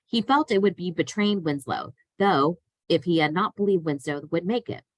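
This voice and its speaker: Woman reader, low pitch, plain storybook reading, dry sound. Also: normal speed, no echo, low-quality recording. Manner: plain, steady reading with small slips. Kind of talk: reading a children's novel aloud.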